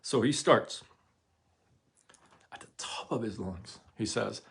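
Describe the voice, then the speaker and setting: A man's voice: lowish voice, takes it slowly, vocal fry, a bit bright, husky. A man hosting a livestream, retelling a story with tearful emphasis and a stutter that grows when he is moved. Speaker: livestream host. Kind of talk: emotional livestream monologue.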